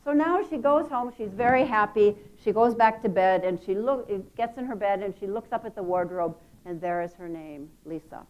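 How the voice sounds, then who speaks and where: A woman's voice: mid-range voice, animated, normal speed, hardly any pauses, dull audio. A woman giving a conference talk, telling a story with playful asides and laughter. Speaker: conference speaker. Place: conference hall.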